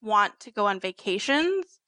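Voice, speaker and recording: A woman guest-hosting a podcast in casual chat, giggly and animated as she tells stories. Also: medium pitch, unhurried, no room sound. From Chicago area. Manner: giggly, chatty, animated storytelling. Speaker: guest co-host.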